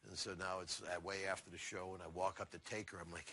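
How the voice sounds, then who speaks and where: A man's voice: deep voice, quick pace, hardly any pauses, slight background noise. An older man, a retired wrestler, telling a casual anecdote and acting out the dialogue in it. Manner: animated storyteller acting out dialogue.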